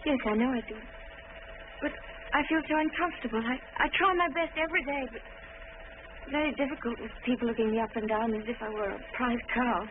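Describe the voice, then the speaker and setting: Attrice nei panni di una giovane sposa timida e balbettante, voce un po' alta, suono da film d'epoca metallico e fruscio. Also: female voice, on the high side, fast, lightly acted. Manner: hesitant, stammering, apologetic. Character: shy, timid young bride, unsure of herself. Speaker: young wife. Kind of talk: 1940s film drama. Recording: tinny old film soundtrack with hiss.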